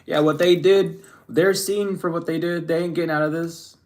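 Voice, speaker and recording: A man's voice: on the high side, fairly even intonation, moderate pace, darkish tone, slight background noise. Blunt, profane man giving a reading. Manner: blunt, profane, rambling with restarts. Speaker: spiritual reader. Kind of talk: casual spiritual reading monologue.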